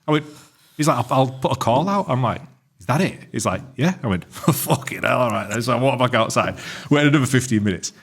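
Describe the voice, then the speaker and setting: A man's voice: medium pitch, lively intonation, fairly quick, breathy edge. A man, co-hosting a casual podcast, telling a story with plenty of swearing and acting out what each person said. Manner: sweary storytelling, acts out both sides. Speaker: podcast co-host. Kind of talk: casual chat.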